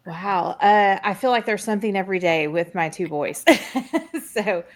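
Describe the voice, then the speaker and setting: A woman who is a guest on a podcast, chatting in a relaxed way with self-deprecating humor. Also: mid-range voice, moderate pace. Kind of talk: casual chat.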